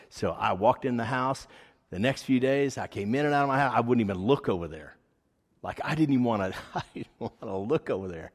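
Fairly quick and lively in intonation, a medium-pitched male voice rambles through an earnest personal testimony given as a sermon. Fillers come up often, and the hall adds an echoing reverb.

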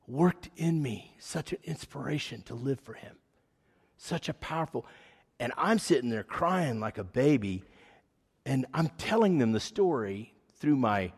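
A man's voice: medium pitch, expressive, a little slow, long pauses, husky. A man giving an earnest, rambling personal testimony as a sermon. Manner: rambling, earnest storytelling with frequent fillers. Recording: echoey hall reverb.

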